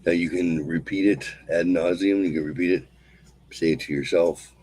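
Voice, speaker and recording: Solo show host, male, husky and low, slow and soothing repetition between casual asides. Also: low-quality recording. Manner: calm, slow, repetitive chanting of phrases. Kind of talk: solo show, guided mantra and casual chat.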